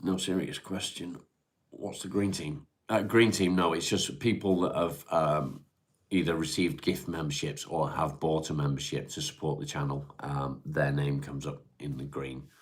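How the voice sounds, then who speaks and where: A man's voice: rumbling low, fairly even intonation, moderate pace. A man, casually chatting on a livestream, reading and answering viewer comments in a laid-back way, sighing and humming to himself between them. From North West England. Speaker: livestream host. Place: at home.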